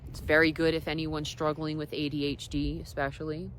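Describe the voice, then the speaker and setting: A woman telling personal stories in a casual, reflective vlog. She drifts between soft asides and emphatic points. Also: low voice, flat delivery, brisk, slight background noise. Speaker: wellness vlogger.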